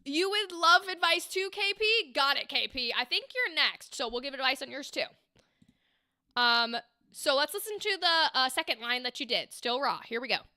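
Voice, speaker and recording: A woman's voice: high-pitched, lively intonation, moderate pace, bright, forceful tone, dry recording, studio quality. A woman hosting a livestream, giving bubbly, encouraging critiques of voice acting takes in a chatty way.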